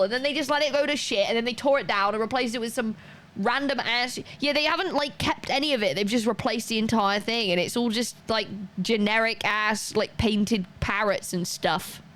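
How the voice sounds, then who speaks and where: A young woman streams a game live, chatting casually in a rambling way and drifting off on tangents. Her voice sits on the high side, a bit bright, at a normal speed.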